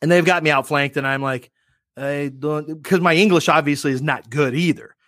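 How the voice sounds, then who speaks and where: A man hosting a podcast, telling a story in an animated, profane, self-mocking way. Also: on the high side, fast talker, dry recording, clean studio sound. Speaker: podcast and radio host. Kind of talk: casual chat, storytelling.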